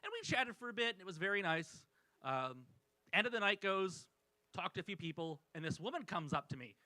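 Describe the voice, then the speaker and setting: A man's voice: sits high, big pitch swings, fairly quick, sharp tone, no echo, poor audio. A man doing a wry, self-deprecating stand-up set on a small club stage into a stage mic. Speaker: stand-up comedian.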